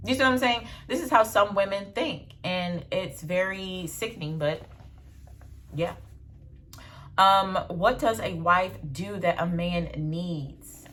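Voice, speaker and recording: A young adult woman, telling stories in a blunt, animated casual vlog with slang and swearing. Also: mid-range voice, takes it slowly. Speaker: vlogger.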